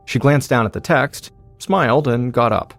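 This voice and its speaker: A man narrating a true-crime story in a steady, suspenseful scripted style as podcast host. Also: mid-range voice, moderate pace, no room sound, soft background music.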